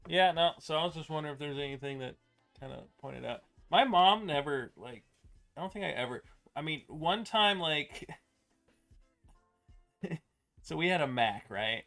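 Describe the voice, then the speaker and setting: A man's voice: a little high, expressive, moderate pace, pauses often, fairly bright tone, faint music behind. A young man from Idaho, co-hosting a podcast, laid-back and profane, mostly reacting with short replies. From Idaho, United States. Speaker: podcast co-host. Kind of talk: casual chat.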